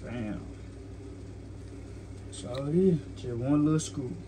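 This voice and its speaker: Speaking slowly in a medium-pitched voice, a young cooking vlogger addresses his viewers directly while tasting what he's made. He's laid-back and the vlog is casual, with background noise audible.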